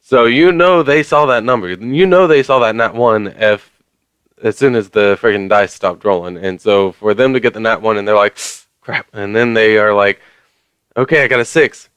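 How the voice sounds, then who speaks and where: A man rambles to his viewers in a casual rant, using many fillers and the odd mild swear word. His fairly low voice is clear, resonant and fairly bright, at a moderate pace, recorded dry.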